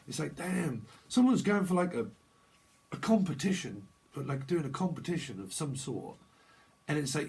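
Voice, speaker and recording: Gravelly guy rambling a tarot reading. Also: medium pitch, expressive, moderate pace, darkish tone. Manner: rambling free association, jokey wordplay, slangy. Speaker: tarot reader. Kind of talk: casual off-the-cuff tarot reading.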